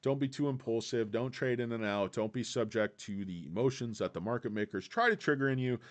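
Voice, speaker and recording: A man's voice: mid-range voice, fairly quick. A man hosting a casual livestream, rambling in a laid-back way, answering chat and peppering his talk with "guys.". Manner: quotes film lines in put-on voices. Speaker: livestream host reading chat.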